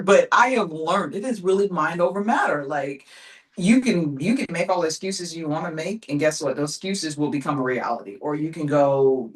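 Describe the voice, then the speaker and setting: A woman's voice: low-pitched, lively intonation, fairly quick, poor audio. A woman in her forties, speaking in a determined, emphatic way, full of casual fillers, in an interview. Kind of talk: casual motivational talk.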